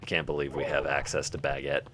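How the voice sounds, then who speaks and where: A man's voice: rumbling low, completely flat delivery, fast, sharp tone, a little hiss or hum. A man live-streaming a game, joking and thinking aloud as he answers chat. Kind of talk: casual live-stream chat while playing.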